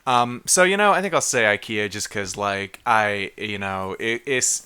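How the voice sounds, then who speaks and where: A man's voice: lowish voice, measured pace, bright, forceful tone, clear, resonant tone. A man co-hosting a podcast in casual chat, hesitant and trailing off into restarts. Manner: hesitant, many fillers and restarts. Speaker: podcast co-host.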